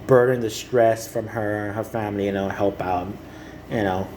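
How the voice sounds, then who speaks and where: A man speaking earnestly to the camera in a rambling personal monologue, halting and repeating "you know" often. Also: on the low side, fairly even intonation, background noise. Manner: earnest and heartfelt.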